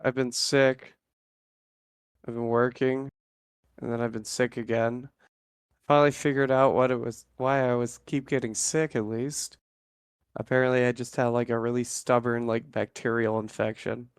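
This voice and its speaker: A man's voice: mid-range voice, flat delivery, moderate pace, clear, resonant tone, no room sound. A man on a podcast in casual, laid-back banter, teasing the others. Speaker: podcast guest host.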